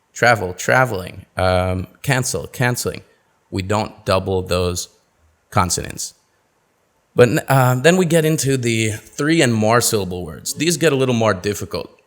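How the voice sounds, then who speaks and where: Low-voiced man teaching pronunciation. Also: fairly bright tone. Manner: clear, deliberate teaching with drawn-out example words. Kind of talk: webinar lesson.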